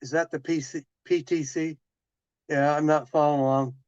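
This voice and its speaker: A man's voice: a little high, flat delivery, normal speed, a little mellow, clean tone, no echo. A man casually chatting with viewers on a live stream, telling a rambling story full of restarts and quoted dialogue. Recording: dull lo-fi dry sound.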